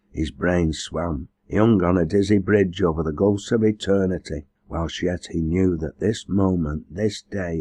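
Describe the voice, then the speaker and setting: Low husky guy reading a novel aloud, measured and earnest, dry close sound. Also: a little mellow, dry recording. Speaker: audiobook narrator. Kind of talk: scripted narration.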